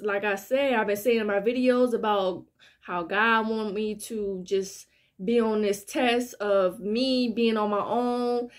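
A woman speaks in an unhurried, drawn-out way, her voice sitting a little high. She talks straight to her viewers about faith, earnest and heartfelt, circling back over the same points again and again. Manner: earnest, repetitive, heartfelt preaching. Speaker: spiritual vlogger. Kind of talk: casual spiritual monologue to viewers.

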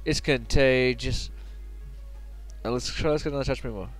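A man's voice: mid-range voice, moderate pace. A chatty man narrating his own game playthrough, joking and muttering asides. Faint music plays underneath. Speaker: let's play host. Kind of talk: casual gaming commentary.

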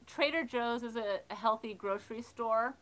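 A woman hosting a livestream, casually telling funny stories and reading chat, animated and laughing. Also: a little high, normal speed, low-quality recording. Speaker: livestream host of a thrifting channel. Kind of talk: casual storytelling while reading live chat.

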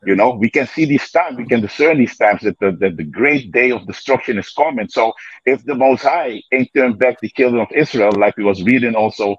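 Husky, dry-voiced man at a scripture study, lo-fi recording. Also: mid-range voice, a little fast, no room sound. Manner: preachy, peppered with "man" and "you know". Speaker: participant in a scripture study session. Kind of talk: casual religious discussion. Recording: dull lo-fi audio.

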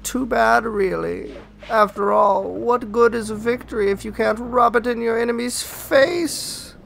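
A man's voice: very high-pitched, measured pace, vocal fry, fairly bright tone, slight background noise, pitched above the performer's own voice, exaggerated voice, rough recording. A man reading the lines of a scheming female pirate captain in a game, in a theatrical, imperious way. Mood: gloating. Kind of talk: let's play dialogue reading.

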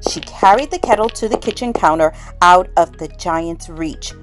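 A woman reading a children's bedtime story aloud in an expressive, dramatic way with pauses. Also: on the low side. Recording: soft music underneath.

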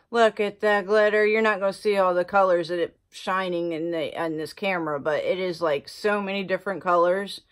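A woman beauty vlogger chatting casually through an unboxing, gushing and exclaiming over the products. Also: mid-range voice. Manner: gushing, excitable, lots of exclamations.

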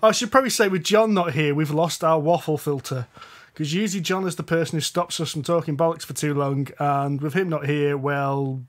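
Northern english guy hosting a podcast, rambly, laughs a lot, kinda high voice. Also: steady tone, fairly quick. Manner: chatty, rambling, laughs often. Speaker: podcast host. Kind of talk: casual chat.

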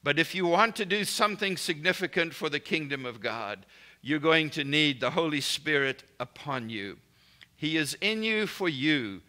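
A man's voice: on the high side, bright, forceful tone. A man preaching a recorded sermon in an emphatic, declarative way, speaking blessings and prayers over his listeners.

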